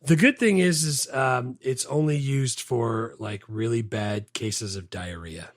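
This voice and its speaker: A man's voice: medium pitch, unhurried, no echo, clean studio sound. A man from the American South with a Southern accent, co-hosting a casual, jokey movie chat. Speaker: podcast co-host.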